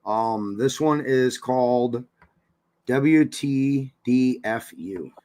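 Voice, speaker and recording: A man hosting an internet radio show, chatting casually with a relaxed, easygoing manner and short affirmations. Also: mid-range voice, extremely slow.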